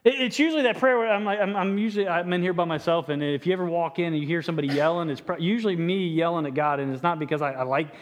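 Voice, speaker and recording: A man's voice: a little high, rapid-fire, hardly any pauses. A male pastor preaching a sermon with passion, often stumbling over his words and restarting phrases. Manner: impassioned preaching, frequent stammered restarts.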